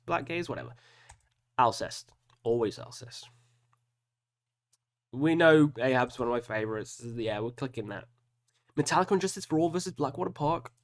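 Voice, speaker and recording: A man hosting a casual solo video, talking through music matchups and groaning over hard choices with self-mocking asides. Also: mid-range voice. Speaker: metal reaction host. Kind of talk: casual solo commentary while picking albums.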